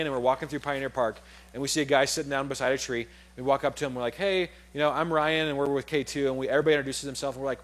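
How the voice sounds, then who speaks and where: A young man gives a sermon as a story, speaking casually and acting out each exchange. His voice sits a little high for a man. He talks in loose, friendly chat. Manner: casual, animated, acts out dialogue in the story.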